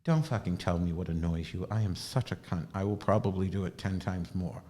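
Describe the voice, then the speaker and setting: A man's voice: deep voice, brisk, warm tone. A man hosting a live video stream, talking casually in a rambling, profane and sardonic way. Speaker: livestream host.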